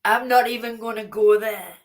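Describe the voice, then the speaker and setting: A woman's voice: fairly high pitch, steady tone, normal speed. A woman with a Geordie accent hosting a casual livestream chat, chatty, affectionate and teasing. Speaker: livestream host.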